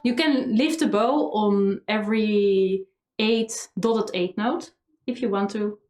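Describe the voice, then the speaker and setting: A woman's voice: medium pitch, slow pace, a little mellow, faint music behind. A woman violin teacher giving a lesson with energy, singing melody lines on syllables. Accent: Dutch. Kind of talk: instructional tutorial. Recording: echoey room, faint violin.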